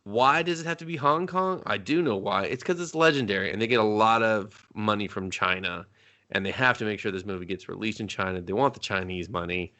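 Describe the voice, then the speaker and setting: A man's voice: fairly low pitch, sharp tone. A man co-hosting a movie review podcast, recapping a film with mocking sarcasm and constant swearing. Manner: mocking, swears often, acts out characters in quick voices.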